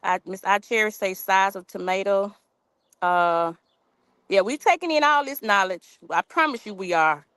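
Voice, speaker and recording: Out in her backyard, a woman hosts a gardening live stream on a tripod-mounted phone camera, chatting casually in an informal "y'all" dialect and reading viewer comments aloud. Her mid-range voice moves at normal speed, fairly bright and clean, with no room sound.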